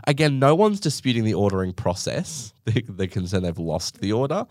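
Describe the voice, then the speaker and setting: Animated Australian man telling a story. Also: fairly quick, few pauses, dry recording, clean studio sound. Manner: animated, sarcastic, acts out others in high mocking voices. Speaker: podcast host. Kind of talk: casual storytelling monologue.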